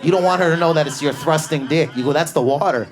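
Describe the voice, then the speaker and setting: A man doing a stand-up comedy set in a club, riffing on an audience member with raging, neurotic energy and lots of swearing, on a stage mic. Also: crowd noise. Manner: high energy, profane, neurotic, rapid riffs. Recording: live club audience laughter.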